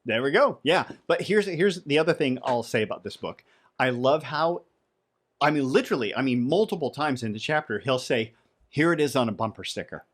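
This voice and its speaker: Guy co-hosting a podcast, mid pitch, chatty and playful, stammers a bit when he starts talking. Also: animated, moderate pace. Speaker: podcast co-host. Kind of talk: casual podcast chat. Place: podcast studio.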